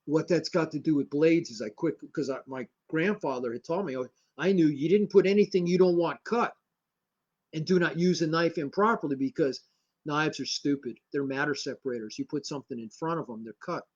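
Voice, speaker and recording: An older man from Connecticut, a martial arts grandmaster, telling rambling, animated anecdotes in a casual interview. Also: a little high, fairly quick, lo-fi sound. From Connecticut, USA.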